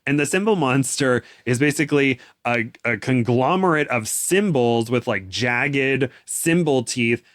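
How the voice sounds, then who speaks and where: Animated young man recapping a novel. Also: medium pitch, measured pace, few pauses, no room sound, studio quality. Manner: animated, does excited voices for quotes, many restarts. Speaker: podcast co-host. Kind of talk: casual chat recapping a novel.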